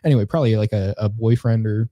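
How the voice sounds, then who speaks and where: Young man, podcast co-host, rambling anecdotes, mellow dark tone, dry close sound. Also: on the low side, fast talker, no room sound. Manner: rambling, many fillers and restarts. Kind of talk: casual storytelling chat.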